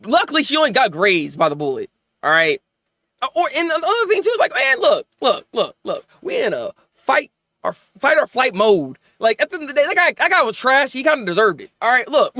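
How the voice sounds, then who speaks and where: A man reviewing anime episodes in casual, animated chat, venting and rambling as he goes. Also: very high-pitched, no echo, studio quality. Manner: animated, rambling, quick to vent.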